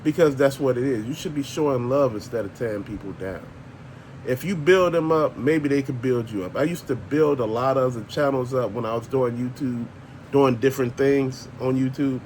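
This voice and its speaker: A man's voice: mid-range voice, normal speed, a little mellow, a little hiss or hum. An older man, ranting bluntly and profanely as a channel host, laughing often. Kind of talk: casual ranting monologue.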